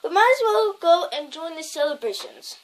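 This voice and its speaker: A woman reading aloud, voicing a calm, kindly old male wizard in a measured way. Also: very high voice.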